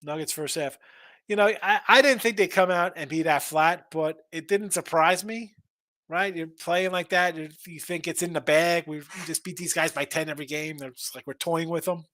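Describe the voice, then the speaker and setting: A man's voice: fairly high pitch, fairly even intonation, normal speed, bright, forceful tone, no echo. A man hosting a casual betting stream, rambling through picks, repeating himself and reading out chat messages. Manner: restarts and repeats words often. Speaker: sports betting show host.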